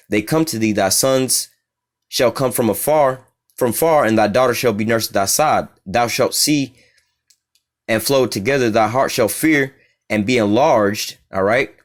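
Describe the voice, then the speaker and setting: Man, Bible teacher, casual slangy explanations, slow deliberate verse reading, mid-pitched voice. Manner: slangy, street-talk asides between slow verse readings; reads scripture slowly and deliberately. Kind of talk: informal scripture teaching.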